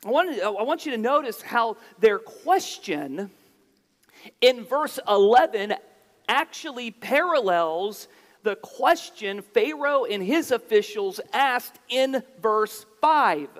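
A man with a very high voice preaches slowly and deliberately, unpacking scripture as he goes. He restarts phrases for emphasis. His words ring out with the long reverb of a large hall. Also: animated, a bit bright. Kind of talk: sermon.

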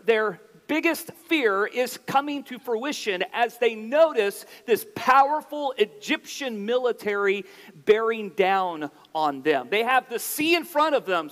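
Male preacher, very high voice, unhurried sermon delivery, long hall reverb. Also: fairly bright tone. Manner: deliberate, expository, restarts phrases when emphasizing.

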